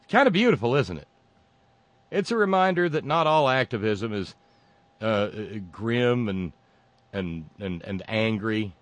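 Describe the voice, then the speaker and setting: A man with a fairly low voice hosts a sarcastic political monologue. He wanders through his points with fillers and restarts and keeps a mocking edge. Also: lively intonation, slow, pauses often, no room sound. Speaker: political commentary host.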